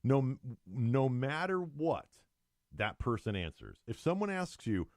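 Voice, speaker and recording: A man's voice: mid-range voice, sing-song, slow pace, darkish tone, no room sound, studio quality. A man co-hosting a talk show, reading news stories aloud with mocking, sarcastic asides. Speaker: radio show co-host. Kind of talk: opinionated talk show chat.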